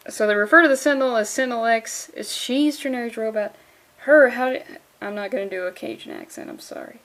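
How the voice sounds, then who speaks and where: Sarcastic woman ranting thru a comic review, kinda high voice, swears a lot. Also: moderate pace, long pauses. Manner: exasperated, sarcastic, profane.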